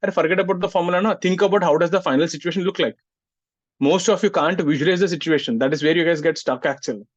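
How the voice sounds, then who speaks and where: A man's voice: fairly high pitch, quick pace, dry recording. A male physics teacher, lecturing a class and scolding students who don't listen. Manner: scolds students, asks "getting it?" often. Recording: muffled, dry sound.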